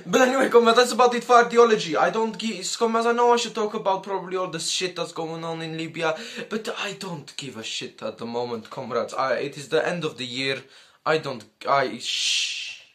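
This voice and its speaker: A man's voice: a little high, fairly quick, fairly bright tone. A man giving comedic history commentary in a crude, profane and joking way, calling his audience comrades. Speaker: YouTuber.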